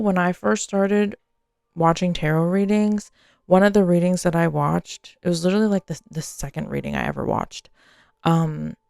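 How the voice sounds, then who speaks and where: A woman's voice: lowish voice, vocal fry, darkish tone, dry recording, clean studio sound. A woman giving a casual, chatty tarot reading to her viewers, full of fillers and the odd swear word. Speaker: tarot reader.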